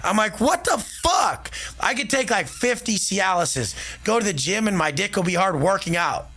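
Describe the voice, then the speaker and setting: Brash, swearing man with a gravelly voice. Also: high voice, animated, normal speed, pushed and bright. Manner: brash, profane, swaggering. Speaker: podcast guest. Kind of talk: boastful casual talk.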